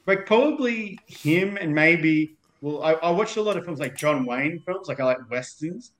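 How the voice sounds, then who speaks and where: A man's voice: fairly high pitch, lively intonation, moderate pace, a bit bright. An Australian man talking casually as a podcast guest, rambling and filling his sentences with "like". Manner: rambling, leans on "like" a lot. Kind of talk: casual film discussion.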